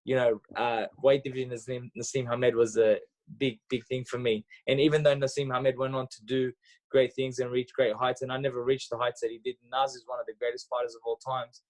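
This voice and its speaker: A man, a podcast guest telling stories in a lively, casual way, full of fillers and restarts. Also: medium pitch, a little fast. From Australia. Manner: animated storyteller, acts out dialogue, frequent fillers and restarts. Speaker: podcast guest, former boxer. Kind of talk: casual interview storytelling.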